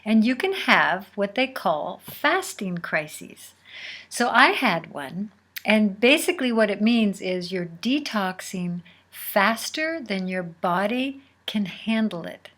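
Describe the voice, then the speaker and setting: A woman host telling a personal story in a casual, unhurried way, sometimes dropping to a near whisper. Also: medium pitch, big pitch swings, fairly bright tone. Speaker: podcast host.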